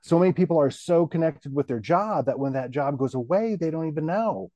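A middle-aged man, a guest on the show, telling his career story in a relaxed, rambling way full of "you know" fillers. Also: on the high side, a little fast, no echo. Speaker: guest, TV station general manager.

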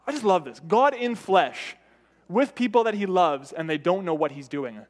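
Male preacher, high voice, conversational sermon delivery that keeps checking in with the congregation. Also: lively intonation, moderate pace. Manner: conversational, often asks "right?"; varies pitch and loudness for emphasis.

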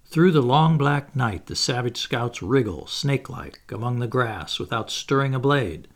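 A man narrating a classic storybook in a measured, expressive reading. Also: medium pitch. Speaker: audiobook narrator.

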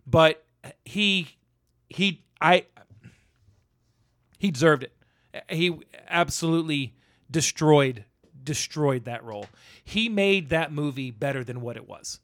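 Animated man retelling movie scenes. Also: on the high side, slow pace, pauses often, dry recording, studio quality. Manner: animated storyteller who acts out movie lines. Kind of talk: casual film discussion.

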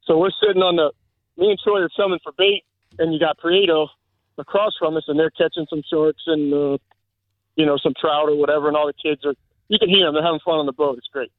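Male caller, rapid chatty storyteller, tinny phone-line sound. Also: fairly high pitch, fairly even intonation, dry recording. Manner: talks fast in bursts, chatty storyteller. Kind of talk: casual chat.

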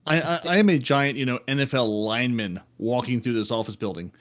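A man's voice: mid-range voice, brisk. Easygoing man telling a story. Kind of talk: casual group chat on a live stream.

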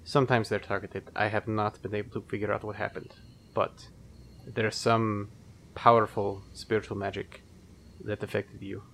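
A man voicing a calm, grave male adventurer who explains things in a measured way. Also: lowish voice, slight background noise.

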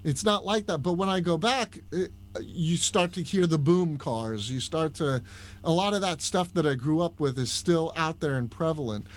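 A man with a Long Island accent, a podcast guest telling stories in a casual, animated chat. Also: on the high side, normal speed. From Long Island, New York. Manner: storytelling, animated, with restarts. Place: Orlando, Florida.

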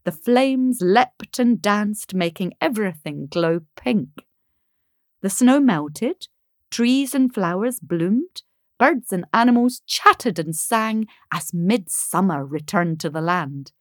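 A woman storyteller reading a fairy tale aloud, measured and expressive. She takes an unhurried pace. The recording is close and dry. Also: mid-range voice, dry recording.

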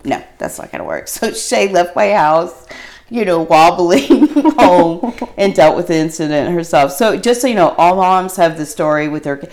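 A woman's voice: on the low side, expressive, moderate pace, a little mellow. A middle-aged woman telling an embarrassing story in casual chat, rambling and laughing as she goes.

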